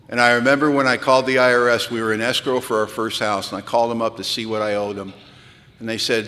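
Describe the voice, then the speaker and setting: A man with a bright, forceful voice tells a funny, self-mocking story to a crowd. He is animated and rises high for the punchlines. His voice rings out with a long reverb, like a big hall. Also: quick pace. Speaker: speaker sharing recovery story. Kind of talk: storytelling talk to a live audience. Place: large hall at a retreat.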